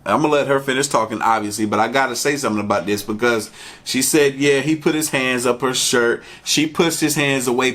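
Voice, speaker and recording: Man host of a reaction channel, mid-pitched, relaxed and chatty. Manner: laid-back, chatty, interjects with asides. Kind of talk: casual reaction commentary.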